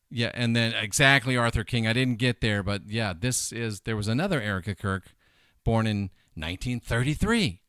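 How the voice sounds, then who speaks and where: Emphatic middle-aged man, crisp bright voice. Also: medium pitch, no echo, clean studio sound. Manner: animated, emphatic, digressive. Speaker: host. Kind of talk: casual commentary.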